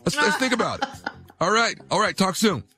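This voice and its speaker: A man's voice: high voice, very animated, fairly quick, bright, forceful tone, faint music behind, pitched above the performer's own voice, full character voice. A man playing a phony boyfriend who puts on an upbeat, chummy, salesy phone voice. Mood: fake-cheerful. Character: phony man faking a polished business voice on the phone.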